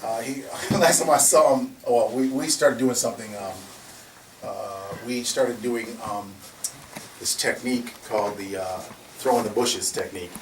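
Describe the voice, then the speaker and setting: A man casually telling a story in an animated way, laughing often and acting out the voices in his quotes. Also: medium pitch, a little slow, distant mic, a little hiss or hum. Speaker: security company founder telling a story. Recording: echoey room from off mic, faint ambience.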